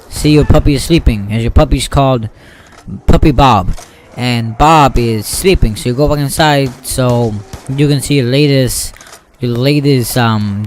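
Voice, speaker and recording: A man casually telling a made-up story over gameplay, rambling and excitable, acting out sound effects. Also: mid-range voice, slight background noise. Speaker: gaming YouTuber.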